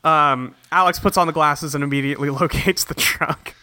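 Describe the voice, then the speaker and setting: A man co-hosting a casual podcast chat, recapping a cartoon and acting out the characters' lines in quick put-on voices, swearing freely. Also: a little high, steady tone, pushed and bright, no echo. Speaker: podcast co-host.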